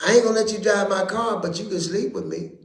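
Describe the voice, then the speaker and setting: A man preaching at a Bible study, talking folksy and plain, calling out to the congregation and rising now and then into shouts. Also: high-pitched, fast, echoey room. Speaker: bishop teaching Bible study.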